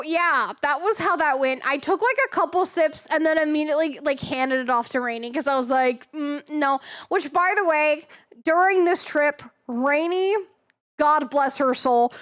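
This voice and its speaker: Telling a story on stream, a young woman keeps things casual and lively, swearing freely and voicing what others said. Her voice is high-pitched.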